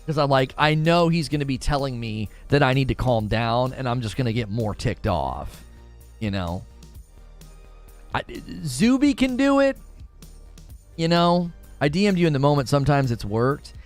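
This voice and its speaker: Man streamer, lively swooping voice, casual rambling chat, laughs a lot, faint music behind. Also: medium pitch, normal speed. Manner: rambling, self-interrupting, laughs often.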